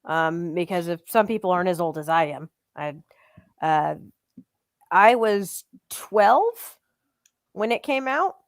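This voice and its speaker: A woman's voice: fairly low pitch, expressive, slow pace, pauses often, dry recording, clean studio sound. A woman in her thirties co-hosting a podcast, speaking earnestly and reassuringly to the chat. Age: 30s. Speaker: podcast co-host.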